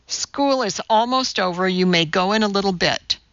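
A woman's voice: normal speed, no echo, lightly acted. A woman voicing a strict, irritable kindergarten teacher who huffs and snaps at the children, on a dull, dry recording. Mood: stern. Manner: sharp, huffy and shrill when scolding.

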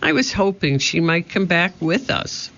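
A man's voice: on the high side, unhurried, sharp tone. A man doing an urgent young girl. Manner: urgent, pleading. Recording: muffled lo-fi audio.

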